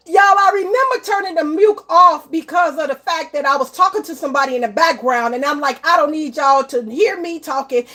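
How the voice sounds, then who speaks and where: Chatty high-voiced woman streaming live. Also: pushed and bright. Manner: chatty, apologetic, addresses viewers as y'all and baby. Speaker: live-stream cooking host. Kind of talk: casual live-stream chat.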